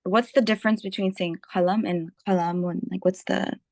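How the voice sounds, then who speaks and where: A woman's voice: medium pitch, fairly even intonation, moderate pace, a little mellow, dry recording, clean studio sound. A woman student joining the class online, asking a question hesitantly with many ums and likes. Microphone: joining remotely online.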